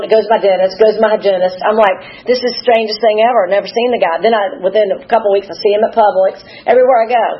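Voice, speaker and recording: Brief: woman, 50s, emotional testimony, teary and rambling, lo-fi sound. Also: mid-range voice. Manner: emotional, rambling, acts out quoted dialogue. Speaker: recovery meeting speaker. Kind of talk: personal testimony.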